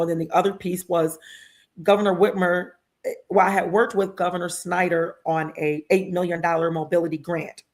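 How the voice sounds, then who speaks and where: A woman guest in an interview, telling stories in a heartfelt, animated way and acting out other people's lines. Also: on the low side. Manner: heartfelt and emotional, with religious exclamations. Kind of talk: conversational storytelling interview.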